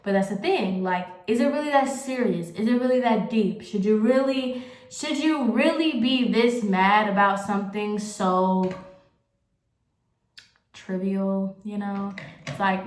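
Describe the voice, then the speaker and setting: Speaking unhurriedly at a middle pitch, a young vlogger gets ready at home and talks straight to the camera in a loose, confessional ramble. She's candid and leans heavily on "like," and the room gives her voice a roomy echo.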